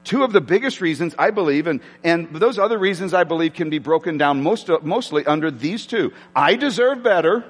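A man's voice: a little high, expressive, a little fast, few pauses, long reverb tail. A man preaching a sermon with passion, shifting into dramatic readings of scripture in a church sanctuary. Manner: impassioned, dramatic shifts when quoting scripture. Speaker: pastor.

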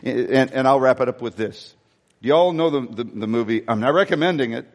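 A man preaching a sermon, telling stories in an animated, conversational way. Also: mid-range voice, a little fast, in a large hall. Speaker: pastor.

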